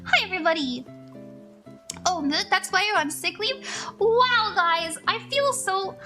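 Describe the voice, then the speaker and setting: A woman's voice: extremely high pitch, lively intonation, measured pace, bright, forceful tone. A young woman reading tarot cards live for her chat, gushing and emotional, laughing often as she talks to viewers. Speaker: livestream tarot reader. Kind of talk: casual livestream chat. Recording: faint music behind.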